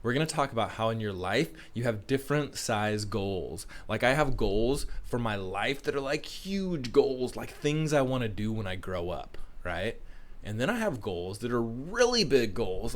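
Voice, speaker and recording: A man leading a morning school assembly for young children, upbeat and encouraging, talking fast. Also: medium pitch, lively intonation. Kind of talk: morning announcements to young students.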